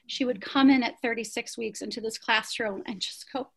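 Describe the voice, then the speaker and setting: Middle-aged woman, high-ish voice, passionate founder being interviewed, punchy rhetorical questions. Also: normal speed, slightly rough. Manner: energetic, emphatic, many rhetorical questions. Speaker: prenatal yoga studio founder. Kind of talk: interview storytelling.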